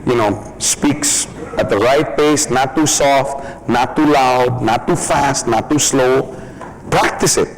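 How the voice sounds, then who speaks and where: A man's voice: mid-range voice, takes it slowly, noisy background. A man giving a business training seminar in a chatty manner, often laughing and acting out examples.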